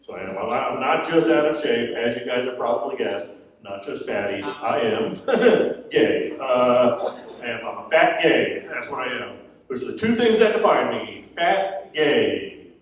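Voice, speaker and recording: A man's voice: medium pitch, very animated, a little slow, sharp tone. Self-mocking male stand-up comic, echoey venue. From Florida. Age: 40s. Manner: chatty, self-mocking, rambling asides. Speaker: stand-up comedian. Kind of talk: stand-up comedy set. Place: comedy venue stage. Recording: roomy venue sound from a distance. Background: audience laughter.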